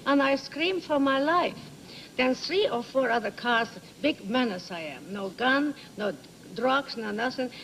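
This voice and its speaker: Older Hungarian-accented woman, gravelly and dramatic. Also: high-pitched, measured pace, a bit bright, rough recording. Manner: theatrical, laughing storyteller with broken English phrasing. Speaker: talk show guest. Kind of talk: animated anecdote telling. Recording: 1980s TV studio audio with background noise.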